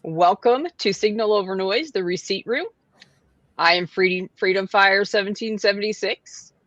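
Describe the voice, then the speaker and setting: A woman's voice: medium pitch, moderate pace, a bit bright, dry recording. Chatty woman livestream host, dry lo-fi. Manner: chatty, laughing often, many fillers. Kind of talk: casual livestream chat. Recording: dry, dull lo-fi sound.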